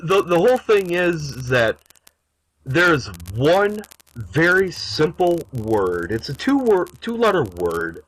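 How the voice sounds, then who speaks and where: A man co-hosting a political talk show, joking sarcastically with halting restarts. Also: fairly high pitch, sing-song, a bit bright, rough recording. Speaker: podcast co-host. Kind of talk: casual political banter.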